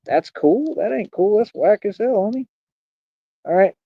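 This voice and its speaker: A boastful man in his thirties rants at his critics on a livestream, sitting fairly high for a man. The sound is dry and a little dull, like lo-fi stream audio. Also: animated, husky, no room sound. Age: 30s. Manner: boastful, confrontational, talks fast. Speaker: streamer and radio show host. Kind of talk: livestream rant.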